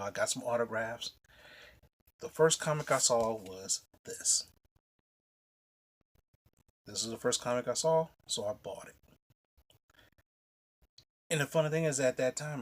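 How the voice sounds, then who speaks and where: A man casually telling a rambling, profane story on his comic book vlog. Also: mid-range voice.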